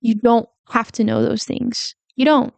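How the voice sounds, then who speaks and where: A woman's voice: fairly high pitch, level tone, a little slow, vocal fry, darkish tone, no room sound. A young woman in her twenties hosting a heartfelt, faith-based podcast monologue, talking earnestly with fillers and repeats. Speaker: podcast host.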